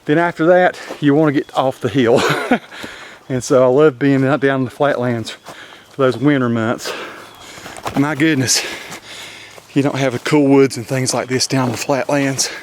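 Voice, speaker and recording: A man's voice: mid-range voice, moderate pace, slight background noise. Folksy Appalachian mountain man outdoors. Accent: western North Carolina mountain Southern. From Appalachian Highlands, North Carolina. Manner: relaxed, rambling, folksy, with chuckles. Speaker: vlogger. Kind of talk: casual walking commentary. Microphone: handheld camera mic.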